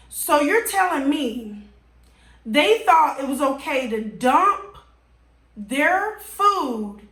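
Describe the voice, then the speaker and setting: High-voiced woman telling an exasperated story. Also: sing-song, drawn-out words, a bit bright. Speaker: vlogger. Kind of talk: storytime vlog. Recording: roomy echo.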